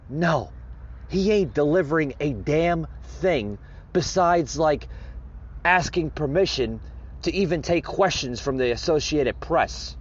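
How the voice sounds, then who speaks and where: A man's voice: mid-range voice, fairly bright tone, muffled recording, a little hiss or hum. A man hosting a political commentary podcast, ranting sarcastically at his listeners. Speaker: podcast host.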